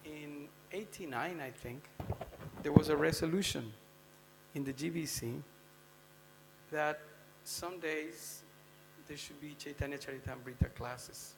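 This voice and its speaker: Gravelly man lecturing in a temple hall. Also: a little high, measured pace, pauses often. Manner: conversational, quizzing the audience with "huh?" and "you know?". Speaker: speaker giving a scripture class. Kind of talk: devotional scripture lecture. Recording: long hall reverb with faint mains hum.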